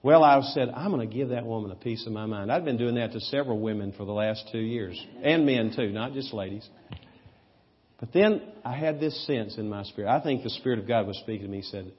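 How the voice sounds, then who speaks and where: A man preaching a sermon, telling anecdotes with humor and sudden bursts of loud emphasis. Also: mid-range voice, a little fast, breathy edge, lo-fi sound. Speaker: pastor. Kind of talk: sermon with storytelling.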